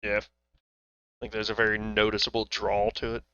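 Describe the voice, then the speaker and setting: A young man, co-hosting a casual podcast chat, animated, laughing often and swearing freely. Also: fairly low pitch, normal speed, smooth, dry recording. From Texas. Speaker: podcast co-host. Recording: dull lo-fi podcast audio.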